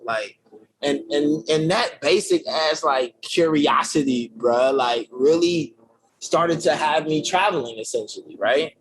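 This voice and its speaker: A man telling his life story as a guest in a casual interview. He speaks in slangy, energetic talk full of fillers and restarts. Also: a little high, moderate pace, slightly rough, poor audio. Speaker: podcast guest, creative director.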